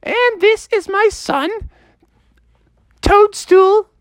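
A woman voicing a polite mother toad in a bedtime story, in a very high, sing-song voice. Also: extremely slow, no echo, full character voice.

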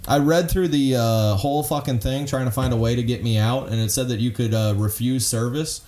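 A man's voice: mid-range voice, a little fast, a little mellow. A man telling a rowdy story on a podcast, swearing, rambling and laughing through it. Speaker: guest comedian telling a story.

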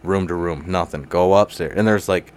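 A man's voice: low voice, moderate pace. A young man telling a wild story in casual chat, laughing often, swearing freely and calling everyone dude. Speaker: guest.

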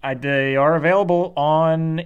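Male podcast co-host, easygoing and halting, clean resonant tone. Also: fairly high pitch, steady tone, clear, resonant tone, muffled recording. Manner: rambling, halting, with many fillers and laughs. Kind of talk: casual board game podcast chat.

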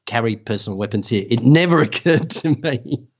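An Australian man, a travel safety writer, telling a story in a casual, animated way and laughing often. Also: medium pitch, normal speed, muffled recording. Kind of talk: casual anecdote.

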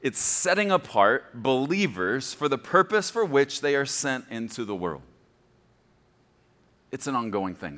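A man in his forties preaches with a lively voice that leaps up and drops low. He tells stories with laughter and pokes fun at himself. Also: unhurried, in a large hall. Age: 40s. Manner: animated storytelling preacher, laughing and self-deprecating. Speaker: pastor. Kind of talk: sermon.

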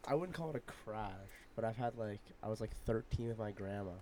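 A man's voice: lowish voice, brisk, dark tone, slight background noise. A young man co-hosting a casual podcast, telling stories in a laid-back, mumbly way. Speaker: podcast co-host. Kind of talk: casual chat.

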